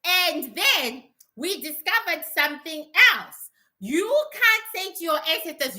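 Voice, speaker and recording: Middle-aged woman, very bright and piercing tone, blunt profane livestream chatter who laughs a lot. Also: very high-pitched, very animated, a little slow. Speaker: spiritual teacher. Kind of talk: casual livestream chat.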